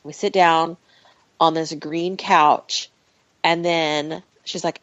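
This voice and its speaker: A woman with a lower-pitched voice shares a personal story as a podcast guest, speaking slowly, animated and emotional, laughing often. The recording is dry and close with no echo, its tone slightly dull and muffled.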